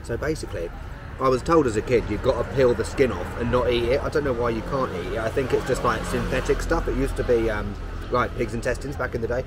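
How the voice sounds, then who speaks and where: A man's voice: medium pitch, quick pace, noisy background. Chatty London man vlogging outdoors. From London, England. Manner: chatty, cheeky, self-mocking. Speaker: travel vlogger. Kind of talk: casual vlog commentary. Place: on a train, city streets and a chip shop.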